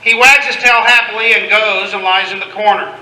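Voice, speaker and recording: Playful high-voiced male storyteller. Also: fairly even intonation, brisk, bright, forceful tone, a little hiss or hum. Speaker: storyteller leading an audience skit. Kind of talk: narrating a participation skit to a live audience. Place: large room with an audience. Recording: echoey room sound.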